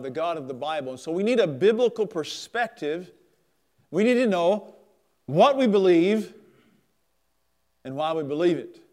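Smooth, emphatic male pastor preaching. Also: high-pitched. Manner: earnest, emphatic, swells and drops in volume. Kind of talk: sermon.

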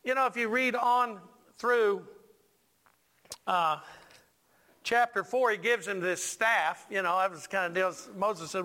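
A man's voice: high-pitched, measured pace, bright, forceful tone. A male pastor preaching a sermon in a church, joking with the congregation and stressing lines with emphatic repetition.

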